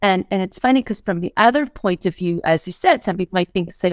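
A woman's voice: medium pitch, brisk, hardly any pauses, no echo, clean studio sound. A woman hosting a podcast interview, talking in an earnest, thoughtful way and often quoting what people say. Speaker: podcast host. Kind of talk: casual interview chat.

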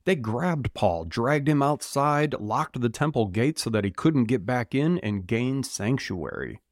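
A man co-hosting a podcast, chatting casually with jokes and reading Bible passages aloud with animated delivery. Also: mid-range voice, measured pace, no echo, studio quality. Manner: animated, joking, dramatizes quoted voices. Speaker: podcast co-host and scripture reader.

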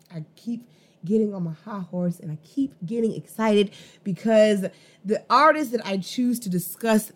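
Excitable woman podcast host reviewing music. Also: medium pitch. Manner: excitable, emphatic, slangy and profane. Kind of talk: casual music review chat.

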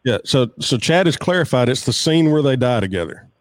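Relaxed man steering a podcast chat. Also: mid-range voice, fairly quick. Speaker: podcast co-host. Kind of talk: casual chat.

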